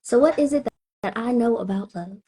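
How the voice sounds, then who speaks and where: A spoken word poet from Tampa, Florida, a woman with a Southern accent, delivering her lines in a slow, rhythmic way with weighty pauses. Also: on the high side, mellow, breathy edge. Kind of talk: spoken word poetry performance.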